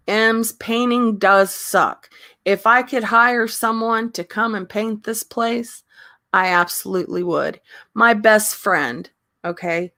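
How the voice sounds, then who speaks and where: A woman hosting a casual livestream, talking slowly with many pauses and ums and often laughing. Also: mid-range voice, vocal fry, pushed and bright, no echo. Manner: slow, halting talk with frequent ums and laughter. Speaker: livestream host.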